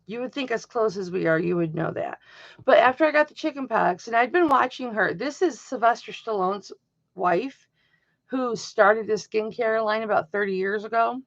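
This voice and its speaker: A middle-aged woman hosting a live-stream jewelry auction, chatting casually and emphatically with her viewers, her voice swinging between loud and soft. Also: fairly high pitch, normal speed, dry recording. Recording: dull lo-fi home stream audio.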